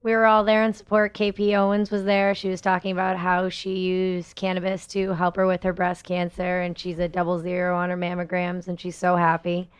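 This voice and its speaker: A woman's voice: fairly low pitch, monotone, brisk, hardly any pauses, clear, resonant tone, dry recording. A woman guest in a radio studio, describing events in an upbeat, enthusiastic way. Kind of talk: casual radio chat.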